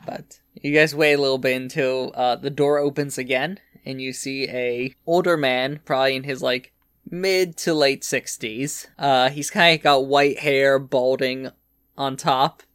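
A man talking through a tabletop game as its narrator, easygoing and halting, with plenty of uhs. His voice sits in the middle range. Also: mid-range voice, clean tone, no room sound. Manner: relaxed, halting narration with many fillers. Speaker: game master.

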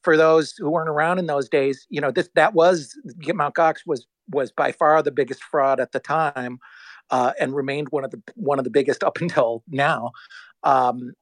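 A man in casual talk as a guest, telling a story in a rambling, animated way, full of restarts and acted-out quotes. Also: a little high, moderate pace, no room sound, poor audio. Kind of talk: casual storytelling on a live audio chat.

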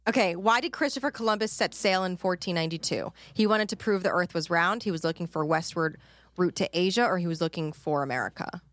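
Low-voiced woman rambling in casual podcast chat. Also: quick pace, a bit bright, no echo. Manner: rambling and profane, with frequent ums. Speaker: podcast co-host; out-of-work service industry worker.

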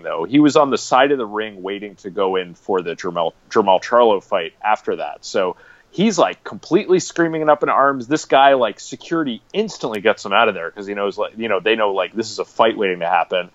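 A man's voice: fairly low pitch, a little fast, no echo, lo-fi sound. A man as a podcast guest, casually telling a rambling story.

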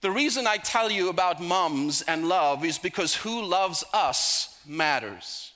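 Bright-voiced man preaching with humor. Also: high-pitched, animated. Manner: storytelling, humorous asides, slows for emphasis. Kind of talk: sermon with personal stories.

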